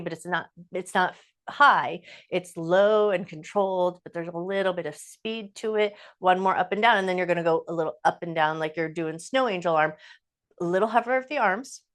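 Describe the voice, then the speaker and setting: A woman yoga instructor with a slightly low voice, guiding a class through movement. She cues calmly and encouragingly, stretching out her phrases and easing the listener along. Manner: calm, encouraging cueing with slow drawn-out phrases.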